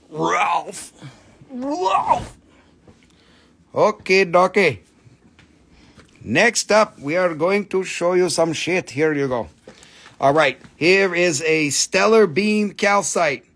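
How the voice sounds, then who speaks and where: Male live-stream crystal seller, raunchy jokester, auctioneer-style price calls, voice sits a bit high. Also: a bit bright. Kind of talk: casual live-stream selling chat.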